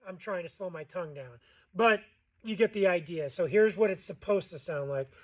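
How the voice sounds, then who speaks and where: A man's voice: sits high, moderate pace, lo-fi sound. A man giving a casual how-to tutorial on goose calling, plainspoken and loose, repeating himself with fillers. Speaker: goose call instructor.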